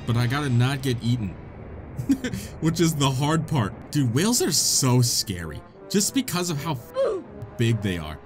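An excitable young man narrates his game with jokes, swearing and frequent laughter. His pitch swings widely from low grumbles to high squeals. Faint game music plays underneath. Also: unhurried. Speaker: gaming video host. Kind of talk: let's play commentary.

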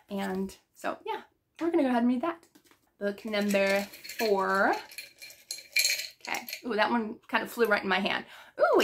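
Bubbly woman vlogger filming on a phone. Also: on the high side. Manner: bubbly and excitable, gasps and laughs. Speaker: book vlogger. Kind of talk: casual chat.

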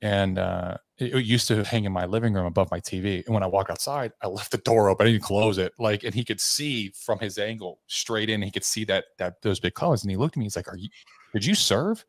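A man's voice: lowish voice, fast, hardly any pauses, dry recording. A man from Tennessee, a podcast guest, telling a candid personal story in a rambling way, with fillers and restarts, acting out the lines of the people in it.

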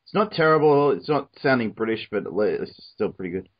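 A man's voice: lowish voice, expressive, fairly quick, lo-fi sound. A man chatting casually on a cartoon commentary track, laughing often and restarting his sentences. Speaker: commentary co-host.

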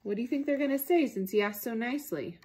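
A teacher reading a picture book to young children, pausing to ask them gentle questions. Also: female voice, a little high, a little hiss or hum. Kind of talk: children's read-aloud.

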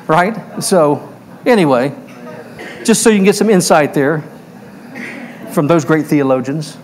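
Slow, emphatic preaching man. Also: on the high side, lively intonation, darkish tone. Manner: emphatic, asks the congregation questions. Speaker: pastor. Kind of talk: verse-by-verse sermon. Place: church.

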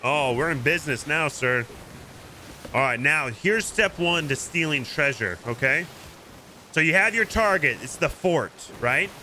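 A man streaming a pirate game, chatting casually and coaching another player with jokey excitement. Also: on the high side, measured pace, a little hiss or hum, poor audio. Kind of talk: casual gameplay chat.

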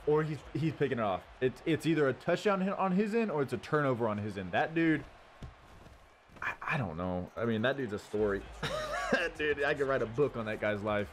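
A man hosting his gaming channel, giving casual running commentary on his own football video game and cheering loudly at big plays. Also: mid-range voice, animated, brisk. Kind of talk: live gameplay commentary. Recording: audible background noise.

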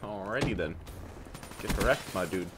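A man's voice: low-pitched, lively intonation, a little slow, heavy background noise. Jokey male gamer over gunfire. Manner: jokey, swaps swears for minced oaths. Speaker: gameplay commentator. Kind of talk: casual gaming commentary. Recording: loud game gunfire behind voice. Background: shooter game gunfire.

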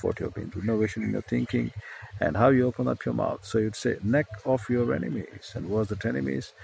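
A man's voice: mid-range voice, creaky, darkish tone, a little hiss or hum, poor audio. A man with an Indian accent preaching a sermon, reading scripture verses aloud and explaining the words one by one.

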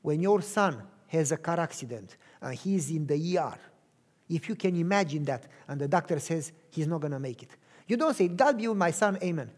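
Earnest high-pitched male preacher. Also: lively intonation, a little mellow. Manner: earnest storytelling in short measured phrases. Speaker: pastor. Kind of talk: sermon testimony.

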